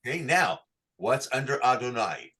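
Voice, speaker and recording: A man teaching a class on chanting, who asks patient questions and sings short phrases slowly to show how they go. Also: medium pitch, sing-song, bright, forceful tone. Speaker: cantor teaching Torah chanting. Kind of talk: online class, chanting examples.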